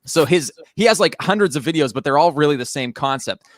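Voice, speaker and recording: A man's voice: a little high, animated, quick pace, no room sound, clean studio sound. A man hosting a casual live comedy chat, rambling with many fillers and restarts. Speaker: host. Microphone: remote live stream.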